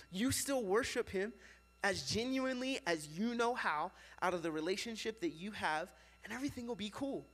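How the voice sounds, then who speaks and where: A young man with a high voice preaches to a youth group in a loose, chatty way. He fills his sentences with casual filler words and keeps the energy animated. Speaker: youth pastor.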